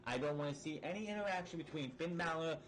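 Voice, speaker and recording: A man's voice: a little high, fast talker, a bit bright, slight background noise, poor audio. A man giving a casual, opinionated recap of a wrestling show, blunt and emphatic, swearing freely and often restarting his sentences.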